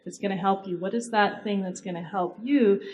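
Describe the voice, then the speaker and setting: A woman health professional on a conference panel, making a point quickly and clearly. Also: mid-range voice, darkish tone, low-quality recording. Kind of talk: panel discussion.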